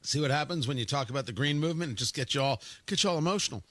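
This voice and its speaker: A man's voice: medium pitch, racing, pushed and bright, no room sound. A male talk radio host delivering an opinionated, sarcastic monologue from a studio, mocking opponents in quoted voices. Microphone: studio microphone.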